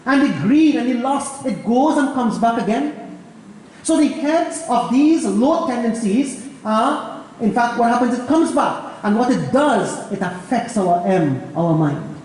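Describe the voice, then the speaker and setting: High-voiced Trinidadian pundit in an echoey hall. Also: male voice, a little slow. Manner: lively storytelling, addresses listeners as friends. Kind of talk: Hindu sermon with jokes. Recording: very echoey hall, faint ambience.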